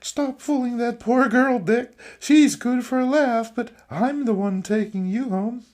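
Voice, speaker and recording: A man putting on a high, bossy jealous girl. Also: a little slow, darkish tone. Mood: possessive. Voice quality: high nasal put-on woman's voice. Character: bossy jealous young woman from a romance comic.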